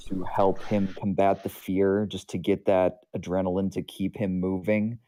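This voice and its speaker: A man's voice: low-pitched, flat delivery, normal speed, mellow. A man playing in a tabletop game, talking in a hesitant, stammering way.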